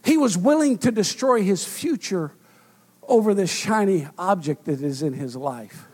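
A man preaching a sermon, rising to loud shouts and dropping to hushed tones, with frequent fillers. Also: high-pitched, big pitch swings, a little slow. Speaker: pastor.

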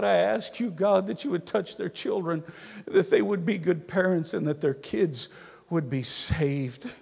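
A man preaching a sermon, dropping to hushed prayer and rising to loud, emphatic storytelling. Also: high voice, a little slow, vocal fry, husky, big-room sound. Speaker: pastor.

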